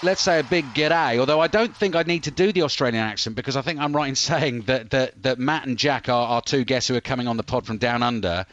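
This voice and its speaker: A man's voice: medium pitch, fast talker, few pauses, a bit bright, dry recording, lo-fi sound. A man hosting a podcast, introducing guests in a joking, self-mocking way. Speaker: podcast host. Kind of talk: casual podcast chat.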